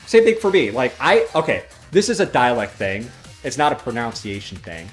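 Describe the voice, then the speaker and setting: A man's voice: mid-range voice, sing-song, moderate pace, faint music behind. A man from Chicago hosting a casual gaming livestream, swearing freely and drifting into tangents. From Chicago, American Midwest. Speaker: livestream host.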